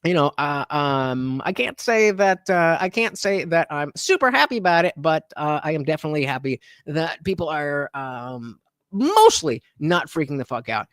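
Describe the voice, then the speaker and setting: Guy hosting a stream, swings his pitch all over, sarcastic and sweary, dry close sound. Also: moderate pace, smooth, no echo. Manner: animated and sarcastic, swears, mocks with exaggerated voices. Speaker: livestream host. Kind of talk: casual live-stream chat.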